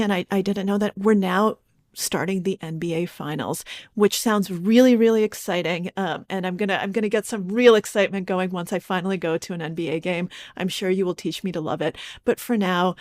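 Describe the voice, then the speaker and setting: A woman's voice: mid-range voice, moderate pace, a little mellow, no echo, clean studio sound. A woman co-hosting a podcast in playful, self-deprecating banter, often laughing. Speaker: podcast co-host.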